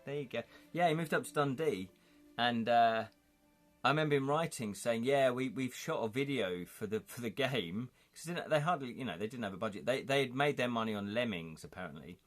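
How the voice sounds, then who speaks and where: A man's voice: medium pitch, expressive, brisk, soft background music. A man hosting a live-streamed interactive gamebook, chatty and rambling as he reads chat comments aloud and asks viewers to vote.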